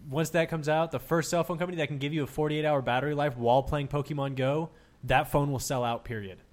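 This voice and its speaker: A man's voice: fairly high pitch, steady tone, quick pace. A man hosting a casual gaming podcast, reading news items and chatting loosely with some swearing. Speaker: podcast host. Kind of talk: casual chat.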